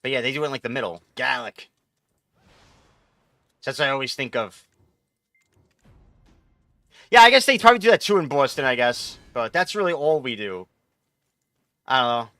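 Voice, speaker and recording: A man's voice: mid-range voice, sing-song, a little fast, long pauses, bright, forceful tone, dry recording. A man chatting casually on a live gaming stream, rambling and swearing as he answers chat. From New York.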